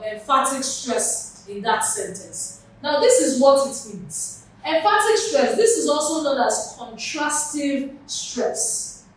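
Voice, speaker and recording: A woman with a Nigerian accent teaching English for an exam, explaining patiently with examples. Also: high voice. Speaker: English tutor. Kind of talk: exam prep lesson. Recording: very echoey room, mic far off.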